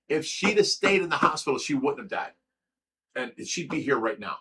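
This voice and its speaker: A man's voice: a little high, lively intonation, normal speed, pushed and bright, distant mic. Rambling man, a bit off-mic. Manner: rambling, stammering repeats, many fillers. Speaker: livestream host of a fish rescue. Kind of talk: casual livestream storytelling.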